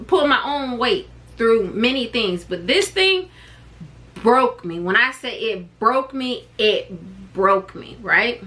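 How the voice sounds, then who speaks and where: A woman vlogger and mother telling a personal story to camera in a chatty, expressive way, wandering off on tangents. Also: fairly high pitch.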